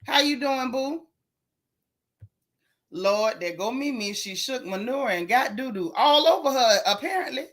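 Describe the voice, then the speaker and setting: A woman hosting a casual gossip livestream, sassy and animated, talking straight to her chat. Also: high-pitched, a little slow. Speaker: livestream host.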